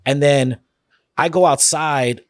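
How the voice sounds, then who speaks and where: Comedian guest from Oakland, slightly higher voice, dry close mic, rambling storyteller. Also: male voice, slow, no echo. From East Oakland, California. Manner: animated storyteller, many fillers and restarts. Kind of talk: casual podcast chat.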